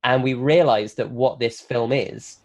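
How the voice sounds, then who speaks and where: A man pitching a film plot on a comedy podcast, telling it as an animated story and acting out the lines. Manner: animated storyteller, quick, acts out quotes. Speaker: guest pitching a film idea.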